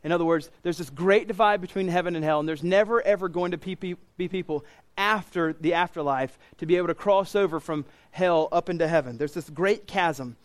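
A man's voice: sits high, fairly quick. Brief: male pastor preaching in church, emphatic and earnest, driving points home by repetition. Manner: earnest, emphatic, repeats key phrases. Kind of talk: sermon.

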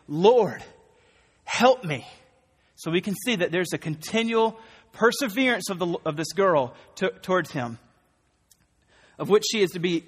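A man delivers a sermon as a pastor, talking in a loose, conversational way with quick asides and laughs. His voice sits high for a man. The sound carries the long reverb of a church hall. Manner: conversational, animated, with self-corrections and laughs.

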